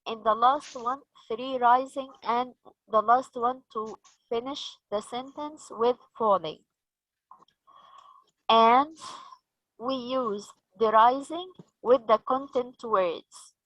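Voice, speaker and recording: Egyptian woman teacher trainer, slightly high voice, slow and patient, dry close sound. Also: a bit bright, dry recording, rough recording. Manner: slow, patient, asks the group questions.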